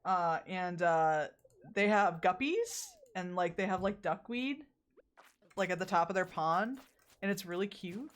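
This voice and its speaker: A woman's voice: on the low side, sing-song, measured pace. A woman streamer chatting casually while playing a game, often exasperated, rambling and swearing at it. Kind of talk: casual gameplay chat.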